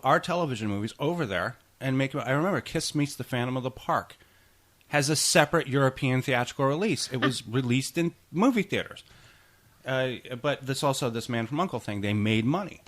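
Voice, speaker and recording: A man's voice: medium pitch, animated, a little fast, a bit bright. A man co-hosting a podcast in casual chat, rambling through film trivia with many restarts. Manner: chatty, rambling, tosses in goofy impressions. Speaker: podcast co-host.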